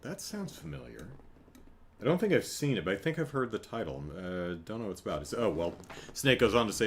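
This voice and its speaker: A man hosting a solo podcast in a loose, chatty way. He rambles and corrects himself mid-thought. His pitch swings up and down as he tells his stories. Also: moderate pace, long pauses, a little hiss or hum. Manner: rambling, self-correcting, animated storytelling. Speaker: podcast host. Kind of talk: casual solo podcast chat.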